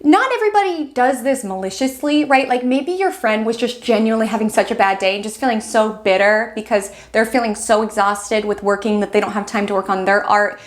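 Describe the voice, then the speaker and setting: A woman's voice: fairly high pitch, a little fast, hardly any pauses. A woman astrologer giving a casual weekly horoscope talk, chatty, acting out quoted friends and filling her speech with "like".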